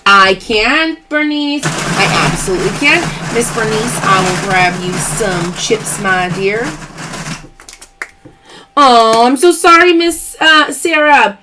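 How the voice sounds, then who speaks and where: A woman's voice: on the high side, slow, background noise. A woman hosting a live stream, chatting openly and emphatically as she answers viewer comments. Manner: chatty and emphatic, open about personal matters.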